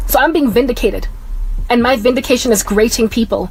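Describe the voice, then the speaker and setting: Fast-talking woman preaching. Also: on the high side, a little mellow. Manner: emphatic, preachy, rapid-fire talk. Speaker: Christian vlogger. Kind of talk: impassioned religious monologue.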